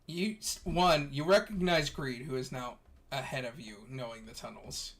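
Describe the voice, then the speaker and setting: A man narrates a tabletop role-playing session as its game master. His voice sits at an ordinary middle pitch, and he talks in a loose, easygoing way, often restarting his sentences as he goes. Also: moderate pace. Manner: relaxed storytelling with fillers and restarts.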